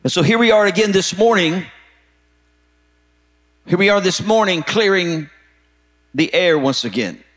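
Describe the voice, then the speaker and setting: A pastor preaching a sermon with emphatic, repetitive phrasing that rises to shouted peaks. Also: male voice, high-pitched, lively intonation, unhurried, pauses often. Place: church sanctuary.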